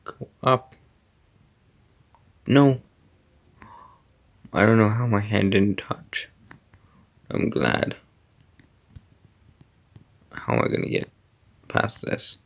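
A man's voice: fairly low pitch, drawn-out words, vocal fry, long pauses. A man giving casual commentary while playing an obstacle-course game, muttering to himself, sometimes dropping to a whisper and sometimes exclaiming at setbacks.

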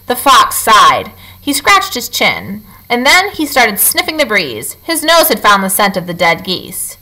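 A woman teacher reading a children's novel aloud, with expressive, animated storytelling. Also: mid-range voice, normal speed, few pauses, rough recording.

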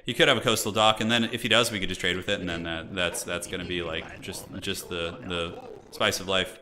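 A man's voice: low-pitched, fairly even intonation, a little fast, a crowd in the background. Chatty man narrating his strategy game. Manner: chatty, thinks aloud, frequent restarts. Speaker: streamer playing a strategy game. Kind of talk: casual gameplay commentary.

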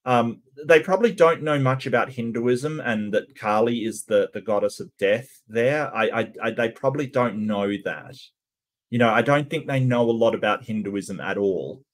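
A man's voice: mid-range voice, normal speed. A man casually commentating on a cartoon and answering his chat, stumbling over many repeated starts.

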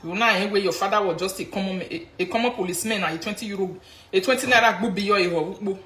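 Nigerian woman, live-stream gossip commentator; excitable, mocking rant in a roomy space. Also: mid-range voice, quick pace. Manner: excitable, mocking, switches between pidgin and local phrases.

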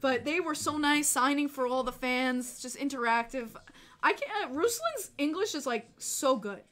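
A woman hosting a casual livestream, excitable and chatty, laughing often and swearing casually. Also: sits high, normal speed. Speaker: livestream host.

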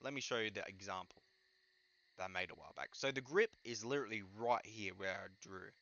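A young man talks through his game ideas in a halting, stuttering way, often trailing off. His low-set voice sounds bright and edgy, and the recording is a bit dull and lo-fi. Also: expressive, creaky. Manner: halting, filler-heavy, trails off with "but yeah". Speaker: gaming YouTuber. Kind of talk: casual game suggestion commentary.

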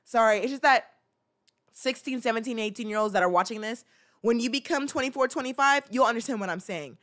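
A woman's voice: a little high, a little fast. A woman in her twenties hosting a podcast, talking casually and ranting with lots of restarts. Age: 20s. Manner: animated, ranting, many restarts. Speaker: podcast host. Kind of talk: casual commentary rant.

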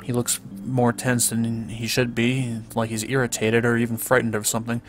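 Monotone man reading a game aloud. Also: mid-range voice, moderate pace. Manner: flat, even reading with small stumbles. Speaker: let's play commentator. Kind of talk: reading visual novel text aloud with casual commentary. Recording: faint music underneath.

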